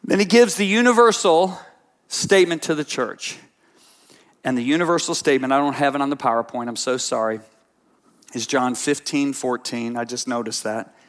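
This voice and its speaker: A man preaching a sermon as pastor, telling stories in an animated way that swings between quiet asides and emphatic points. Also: mid-range voice, moderate pace.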